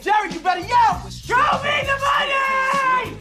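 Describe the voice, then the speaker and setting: An actor playing a brash, loud athlete who keeps yelling demands in a film scene. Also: male voice, very high voice, a little fast. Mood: hyped. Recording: film audio under loud music.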